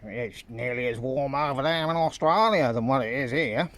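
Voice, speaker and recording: A man's voice: mid-range voice, expressive, moderate pace, fairly bright tone. A man rambling through a casual walking vlog outdoors on town streets, chatting like a storyteller into a handheld phone. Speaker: vlogger.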